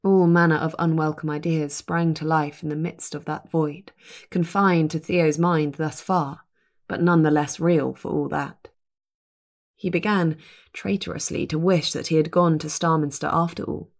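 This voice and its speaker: A woman narrating a fantasy audiobook in a measured, even reading. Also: low voice. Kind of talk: scripted narration.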